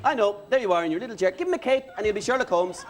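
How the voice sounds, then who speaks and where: A man's voice: high-pitched, expressive, rapid-fire, voice pushed up. A man putting on a camp, preachy TV presenter who lectures the audience in a mock sermon. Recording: live studio with audience and noise.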